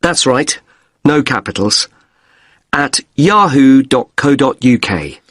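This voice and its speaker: An actor playing a polite hotel guest. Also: male voice, mid-range voice, lively intonation, fairly bright tone, no room sound. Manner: deliberate, spelling out letters slowly. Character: polite British man with broken wrist checking in. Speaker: hotel guest in a listening test dialogue. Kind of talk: scripted exam dialogue.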